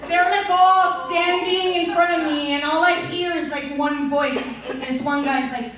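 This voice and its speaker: A woman telling a funny personal story on stage at a live story slam, animated and laughing, swearing freely and slipping into Spanish. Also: high voice, measured pace, a little hiss or hum. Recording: echoey hall, heard from far off.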